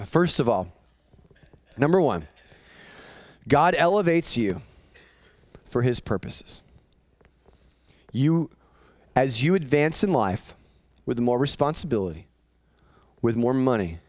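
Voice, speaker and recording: A man preaching a sermon, retelling a Bible story as an animated, conversational storyteller with jokes. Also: mid-range voice, no room sound. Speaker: pastor.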